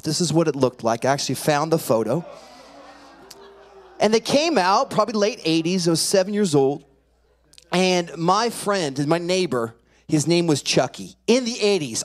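A man, a pastor, preaching a sermon by telling a personal story and acting out the voices in it. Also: high voice. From California. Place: church sanctuary.

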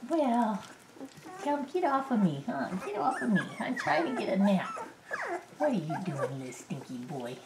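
A woman's voice: mid-range voice, big pitch swings, moderate pace, distant mic. A woman talking playful, cooing baby talk to her puppies in an indoor puppy pen, filmed on a handheld camera. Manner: cooing, sing-song and playful. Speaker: dog breeder filming her puppies. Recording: roomy with loud noise.

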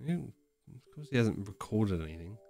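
A man's voice: fairly low pitch, big pitch swings, normal speed, gravelly, dark tone. A man co-hosting a podcast in casual chat, blunt and teasing, with rambling explanations. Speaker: podcast co-host.

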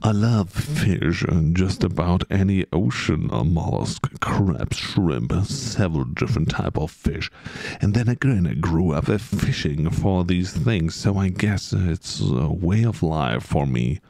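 Playful rambling male streamer, lively lilt. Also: sits low, a little slow, no echo. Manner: rambling, chats with viewers, playful. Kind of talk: casual live-stream chat.

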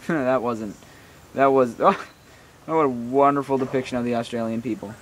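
A man's voice: medium pitch, slight background noise. Tired, rambling young man vlogging outdoors. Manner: rambling, self-mocking, talks in quick tangents. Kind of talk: rambling casual vlog. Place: outdoors, walking a dog in rainy weather.

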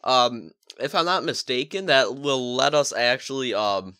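Guy yelling through his gameplay, super bright sharp voice, jokey and jumpy. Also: mid-range voice, a little slow, clean tone, no room sound, studio quality. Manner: excitable, yelps and shrieks when startled; jokey, self-mocking asides. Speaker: gaming YouTuber. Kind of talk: gameplay commentary.

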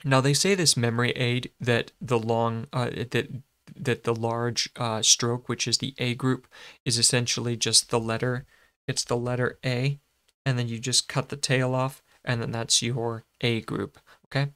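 A man's voice: mid-range voice, flat delivery, measured pace, a bit bright, clear, resonant tone. A man teaching a shorthand lesson, patiently sounding out words and correcting himself as he goes. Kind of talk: explaining a lesson.

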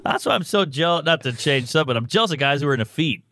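Lively joking man on a podcast. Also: a little high, background noise. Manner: crude, quick joking, bursts of animated outrage. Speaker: comedian guest. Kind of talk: casual podcast banter.

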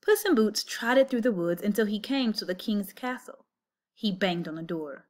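A woman reading a children's picture book aloud, with an expressive story-telling lilt. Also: mid-range voice, normal speed. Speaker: storybook reader.

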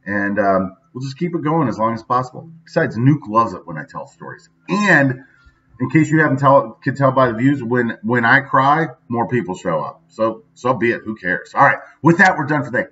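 A man's voice: medium pitch, animated, a little fast, fairly bright tone, dull audio. A man talking casually in a daily video monologue, chatty and often adding "right?" at the end of his sentences. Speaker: vlogger.

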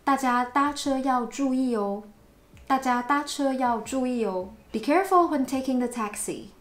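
In a roomy, echoing recording, a language teacher with a high-pitched voice speaks at normal speed. She is a native Mandarin speaker with a Taiwanese accent, repeating sample phrases with playful, exaggerated intonation.

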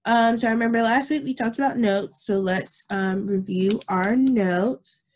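A woman's voice: fairly high pitch, slight background noise. A woman music teacher, talking young children through a recorded lesson and checking in with them often. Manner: slow, patient, repeats herself and checks with "okay?"; demonstrates whispering and shouting voices.

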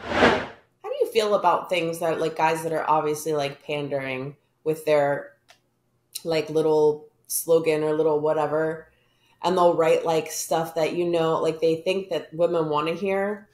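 A woman's voice: low-pitched, fairly even intonation, unhurried, darkish tone. A woman co-hosting a podcast, chatting and asking teasing questions. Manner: questioning, teasing, many "like" fillers. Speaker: podcast co-host. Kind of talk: casual chat. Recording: roomy echo.

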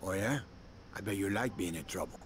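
A smooth-talking game gangster. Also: male voice, sits low, brisk. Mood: flirting. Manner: smooth, flirtatious. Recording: game audio under commentary with hiss.

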